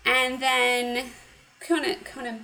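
A woman casually recapping a cartoon episode, animated and giggly, acting out the characters' lines. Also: sits high, slow pace, creaky, rough recording. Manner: animated retelling with acted quotes, giggly. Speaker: podcast co-host.

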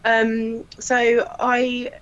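A woman, a crime scene investigator, telling funny work stories in a casual, animated way and often laughing. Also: a little high, drawn-out words. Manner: animated, laughing storyteller who acts out quotes. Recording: slightly dull lo-fi audio.

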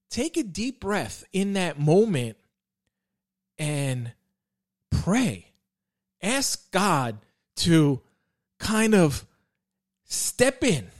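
A man in his thirties with a slightly high voice, speaking in a reflective devotional way. He is earnest and unpolished, often doubling words and starting phrases again. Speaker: podcast guest sharing faith reflections.

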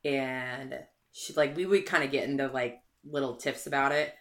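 A young woman telling a story in casual chat, animated, swearing and laughing often. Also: very deep voice, moderate pace.

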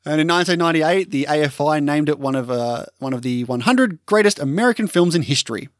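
A man's voice: on the high side, lively intonation, quick pace, no echo, clean studio sound. Australian man reading out film trivia. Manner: reads out film trivia, with chatty asides. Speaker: podcast co-host. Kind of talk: casual film podcast chat.

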